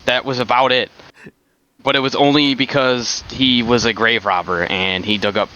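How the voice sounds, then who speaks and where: A man's voice: medium pitch, fairly even intonation, normal speed, pushed and bright. A man co-hosting a casual podcast, talking hesitantly with many fillers and restarts. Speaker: podcast co-host. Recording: dull lo-fi mic with faint hiss.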